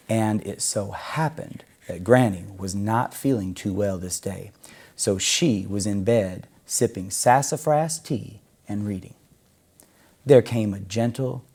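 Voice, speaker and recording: Man reading a children's story, gravelly, low voice, unhurried, expressive. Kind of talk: storybook read-aloud.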